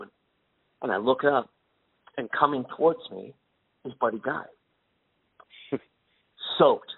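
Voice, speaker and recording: A man, a guest musician, telling a lively anecdote in a casual interview and acting out the voices he quotes. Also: on the low side, moderate pace, gravelly, pauses often, slightly rough, no room sound. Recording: tinny phone-like line.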